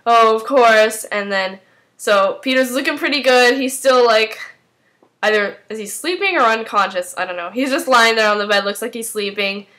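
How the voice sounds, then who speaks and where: A woman's voice: a little high, normal speed, a bit bright. A woman in a casual spoken recap as a fan, chatting loosely with lots of "um" and "like" fillers. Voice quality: rambling with many fillers, chatty.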